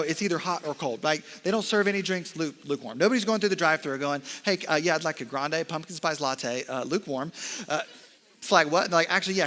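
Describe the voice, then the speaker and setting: Bright-voiced young man preaching in a hall. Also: fairly high pitch. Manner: animated, joking asides, goes off script. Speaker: college ministry director. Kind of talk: sermon. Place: large church hall. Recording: long hall reverb.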